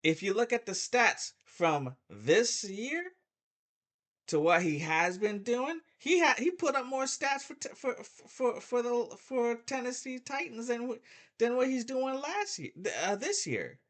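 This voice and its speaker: Middle-aged man ranting, lively bright voice. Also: very high-pitched, measured pace. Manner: heated, repetitive ranting, stumbles and restarts. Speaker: sports fan vlogger. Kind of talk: casual opinion rant.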